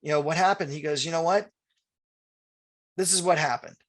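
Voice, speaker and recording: Man, middle-aged, higher voice, real estate trainer, story-driven webinar talk, acts out dialogue. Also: normal speed, a bit bright. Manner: storytelling, acts out dialogue, answers viewer questions. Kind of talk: webinar presentation with anecdote and Q&A.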